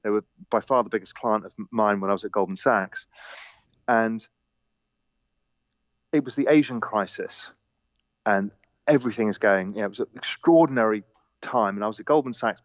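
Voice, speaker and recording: Guy on a podcast telling animated trading stories, slightly muffled dry audio. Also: on the low side, no room sound. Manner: animated anecdotes with laughter and quoted dialogue. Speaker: podcast guest. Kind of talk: casual storytelling.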